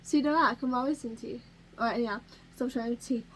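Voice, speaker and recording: A woman's voice: on the high side, quick pace, fairly bright tone, a little hiss or hum, low-quality recording. A woman from England, bantering casually and playfully off to the side of a vlog.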